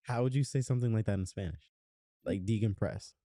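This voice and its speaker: This podcast co-host is a young man with a lowish, dark voice and a brisk pace. His talk is loose, casual chatter that wanders, packed with fillers and false starts. The sound is dry and clean, recorded in a studio.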